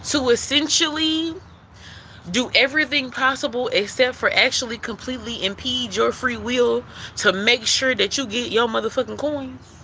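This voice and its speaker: A woman's voice: a little high, moderate pace, bright, forceful tone, slight background noise, poor audio. A woman giving a spiritual tarot reading, emphatic and repetitive, who calls the listener baby and swears casually. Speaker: intuitive card reader.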